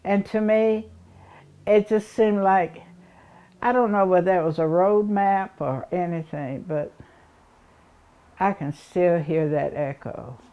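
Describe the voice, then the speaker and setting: Slow-talking older Appalachian woman. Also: lowish voice, muffled recording. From Appalachia, East Tennessee. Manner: rambling, chuckling, acts out the people she recalls. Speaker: oral history interviewee. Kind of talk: reminiscing storytelling.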